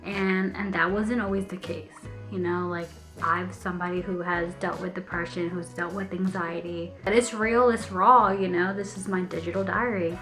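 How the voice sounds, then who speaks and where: A young woman vlogging candidly and openly, chatty and laughing often, slowing and softening as she gets emotional. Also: fairly low pitch, fairly even intonation, soft background music. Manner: open, heartfelt, chatty with frequent laughs; slows and softens when emotional. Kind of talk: candid personal vlog.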